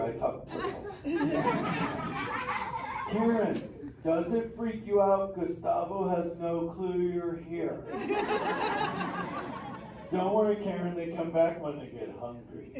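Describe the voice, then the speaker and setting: A laid-back surfer turtle, Crush. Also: male voice, high voice, sing-song, takes it slowly, pauses often, a loud crowd, very noisy, heavily acted. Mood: teasing. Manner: surfer slang, chill and playful. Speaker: live interactive show character. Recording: echoey theater recorded from far off.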